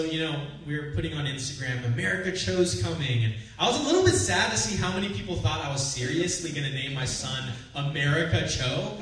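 A young man, a pastor, telling a personal story in a sermon with lively build-ups. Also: a little high. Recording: echoey room from far off.

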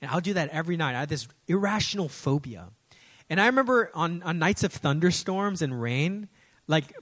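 Man in his 30s, pastor, sermon, lively storyteller, says y'all, slightly higher voice. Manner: animated storytelling, addresses audience as y'all.

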